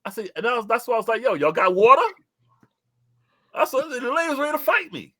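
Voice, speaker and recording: A man from New York, older, co-hosting a casual chat and telling stories loudly with sudden high jumps in his voice. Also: normal speed, long pauses, no echo, clean studio sound. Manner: loud, animated storytelling with sudden high jumps. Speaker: co-host.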